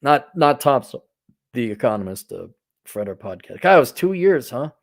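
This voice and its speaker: Blunt sarcastic man on a livestream. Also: moderate pace. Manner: blunt, sarcastic, swears freely; lively swings in pitch and loudness. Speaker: livestream host reading viewer donations. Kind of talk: casual livestream commentary.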